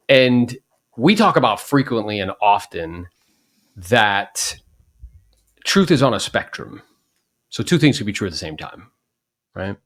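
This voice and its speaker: A man's voice: lowish voice, big pitch swings, measured pace, long pauses, fairly bright tone. A man in his forties hosting a podcast, talking casually and animatedly about real estate, acting out the people he quotes.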